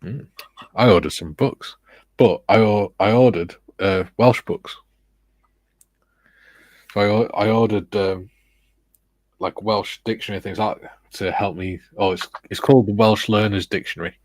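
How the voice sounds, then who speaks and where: A man hosting a casual livestream chat who reads viewer comments aloud in a relaxed way. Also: on the low side, normal speed, pauses often, no echo. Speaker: stream host.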